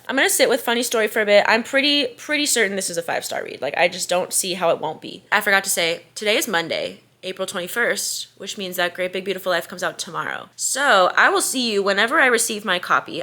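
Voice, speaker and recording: A woman's voice: mid-range voice, sharp tone. A young woman chatting casually in a reading vlog, gushing and bubbly, with lots of "like" and "y'all". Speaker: book vlogger.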